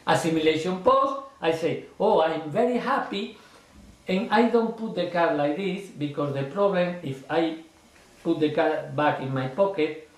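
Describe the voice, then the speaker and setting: A man with teaching a card trick, explaining in a lively, expressive way and acting out his stage patter. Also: normal speed, echoey room. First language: not English. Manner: expressive, acts out his stage patter with big jumps in pitch. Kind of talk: explanatory lesson.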